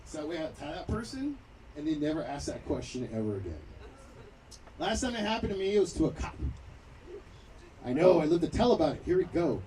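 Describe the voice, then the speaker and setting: A man doing a crude, loud stand-up set at an outdoor backyard show, telling a story with acted-out quotes. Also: on the high side, sing-song, brisk, pauses often. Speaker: stand-up comedian. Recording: distant mic, crowd noise. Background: laughing crowd.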